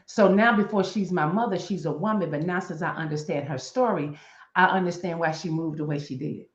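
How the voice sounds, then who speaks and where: A woman's voice: on the low side, fairly quick. A middle-aged woman talks about grief with blunt, preacher-like emphasis, circling back to repeat her key points. Her voice carries a roomy echo. The live-stream audio sounds a little dull. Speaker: guest on live chat show. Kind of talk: impassioned talk on grief.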